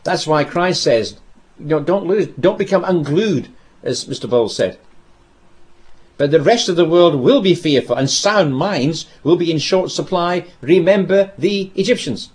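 A man preaching a sermon, telling a scripture story with dramatic pauses and repeated phrases. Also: on the high side, lively intonation, a little mellow.

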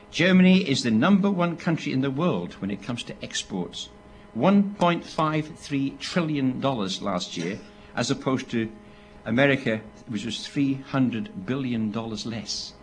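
A man, preaching a sermon in an animated storytelling way, with asides to the people listening. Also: mid-range voice, unhurried, a little hiss or hum. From Britain. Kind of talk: sermon to a live audience.

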